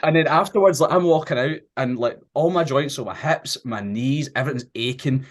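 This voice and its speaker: A man in his thirties with a mid-range voice, chatting on a podcast. He tells stories with lively energy and plenty of swearing. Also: medium pitch, brisk. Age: 30s. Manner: animated storytelling, swearing. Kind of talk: casual chat.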